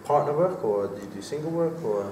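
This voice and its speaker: A man interviewing an actor, asking quick, chatty questions in a casual way. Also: a little high, expressive, mellow. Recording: echoey room from far off, faint background noise.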